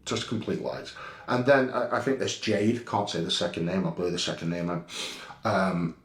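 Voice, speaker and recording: A man's voice: on the low side, sing-song, normal speed, distant mic. Middle-aged man, blunt and indignant storyteller, roomy off-mic sound. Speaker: vlogger recounting an incident. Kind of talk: casual first-person account over CCTV footage. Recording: roomy echo, a bit off-mic.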